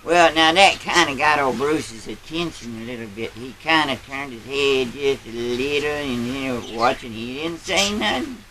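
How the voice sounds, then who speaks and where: A man's voice: mid-range voice, normal speed, few pauses, crowd noise, natural voice, rough recording. A man playing a boastful old country grandpa, telling a rambling tall tale in a folksy drawl. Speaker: storyteller. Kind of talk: character storytelling.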